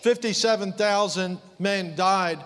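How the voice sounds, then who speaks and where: Fervent high-voiced preacher in a hall. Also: male voice, takes it slowly, a bit bright, clear, resonant tone. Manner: fervent, rising to impassioned outbursts then dropping low. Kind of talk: sermon.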